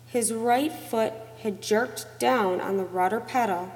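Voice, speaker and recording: A woman reading a novel aloud as narrator, in a measured, expressive storytelling manner. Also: fairly high pitch. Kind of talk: audiobook narration. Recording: long reverb.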